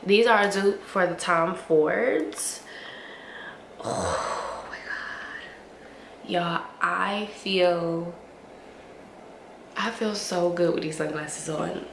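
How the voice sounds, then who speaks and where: A young woman gushes over her finds to camera, slangy and playful, stretching her hums and words out slowly. Her voice sits a little low, a touch sniffly, and the room gives it a noticeable echo over a faint hiss. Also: vocal fry. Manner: gushing, playful, drawn-out hums and slangy asides. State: sniffly from allergies. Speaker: beauty and fashion vlogger. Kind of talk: casual haul review to camera. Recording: roomy echo with faint ambient noise.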